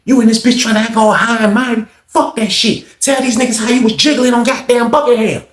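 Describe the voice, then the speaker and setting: A man's voice: steady tone, a little fast, roomy sound. A man voicing a hot-headed male inmate who curses, taunts and shrieks insults. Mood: furious. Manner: shrill, profane, taunting.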